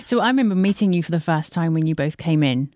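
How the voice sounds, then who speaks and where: A woman's voice: sits low, expressive, quick pace, a little mellow, slight background noise. A woman who co-owns a wine shop, chatting casually in a playful, teasing way. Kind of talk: casual chat.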